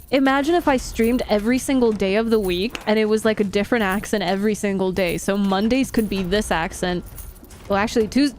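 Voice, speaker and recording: A woman's voice: medium pitch, a little mellow. A young woman live streamer chatting casually with her audience, laughing often and reacting to chat.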